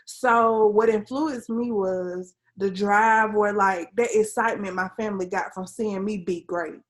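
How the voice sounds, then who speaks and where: A young woman speaking as a guest in a casual interview. She talks in an earnest, storytelling way and drops in plenty of "um"s and "like"s. Her voice sits at an ordinary middle pitch for a woman. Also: fairly even intonation, unhurried. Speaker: interview guest, civil engineer.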